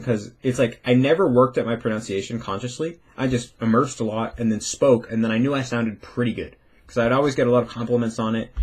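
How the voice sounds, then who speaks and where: A man's voice: medium pitch, slightly rough. A young man telling a casual, rambling story about learning a language, with frequent restarts and the odd swear word. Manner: rambling, swearing, acts out quoted voices.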